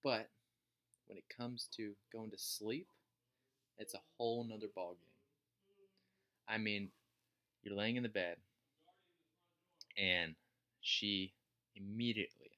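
A man with a low, gravelly voice that has a bright, forceful edge. He tells wry, self-deprecating stories in a loose, rambling, conversational way as the host. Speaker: podcast host. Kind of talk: casual storytelling.

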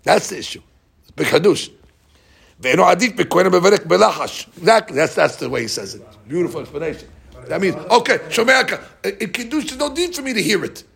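A man teaching a lively religious text class, asking his students questions and reading passages out quickly. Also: high voice, vocal fry, slightly rough. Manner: animated, questioning the class, reads Hebrew text fast. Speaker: rabbi teaching a Talmud class. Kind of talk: Talmudic lesson, mixing English and Hebrew.

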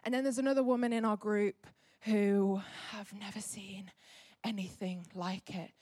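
A young woman preaching a sermon, telling a story with lively acted-out quotes. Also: mid-range voice, normal speed, dry recording, clean studio sound. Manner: animated storyteller acting out quotes.

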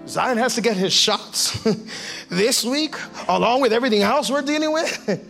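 A male pastor preaching a lively sermon, acting out everyday scenes and calling on the congregation to respond. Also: very high-pitched, measured pace, vocal fry, soft background music. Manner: animated, acts out everyday scenes and voices; calls for audience response.

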